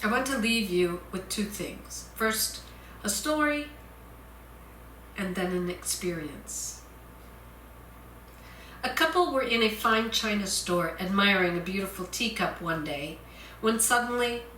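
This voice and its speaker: Woman minister, sermon, slow deliberate delivery, echoey church sanctuary. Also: medium pitch, expressive, pushed and bright, a little hiss or hum. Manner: slow, deliberate, repeats key points. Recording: roomy church echo.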